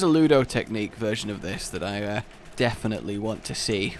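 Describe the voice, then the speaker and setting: A man giving casual, excitable commentary over gameplay, breaking into loud delighted exclamations. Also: lowish voice, a little fast, a little hiss or hum. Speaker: gaming YouTuber.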